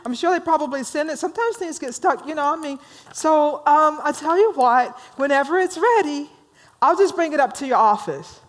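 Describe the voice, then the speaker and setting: A woman's voice: high-pitched, animated, moderate pace, voice pushed up. A woman voicing a chatty, sensitive male office clerk who rambles anxiously and is eager to please. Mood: apologetic.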